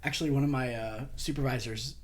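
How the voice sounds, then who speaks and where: A man's voice: mid-range voice, steady tone, fast, a crowd in the background. A young man co-hosting a podcast, rambling and self-mocking in casual banter and often breaking into laughter. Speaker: podcast co-host.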